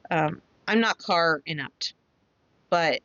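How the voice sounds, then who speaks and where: A woman's voice: deep voice, slow, fairly bright tone, no room sound. A woman hosting a craft channel, chatting casually and rambling through a story with lots of fillers. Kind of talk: casual chat while crafting. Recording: dull, dry lo-fi sound.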